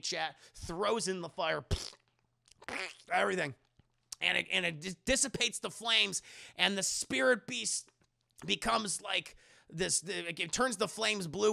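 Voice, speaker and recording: A man recapping an anime episode on a live stream, casual, animated and profane. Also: high-pitched, normal speed, gravelly.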